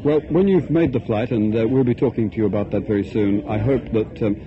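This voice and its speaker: A man's voice: fairly low pitch, brisk, crowd noise. A man hosting a radio phone-in, speaking in a polished, genial presenter's manner. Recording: dull old radio broadcast with noise.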